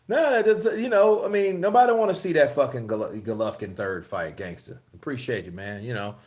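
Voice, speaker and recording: Profane, animated male boxing streamer. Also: medium pitch, moderate pace. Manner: casual, profane, laughing, reads chat. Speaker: host. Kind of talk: live-stream boxing commentary.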